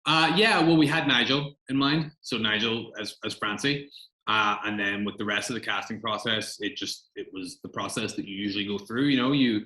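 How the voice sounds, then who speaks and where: A man's voice: on the low side, normal speed, bright, forceful tone, echoey room, poor audio. A man, a film director answering interview questions in a chatty, rambling way with many fillers.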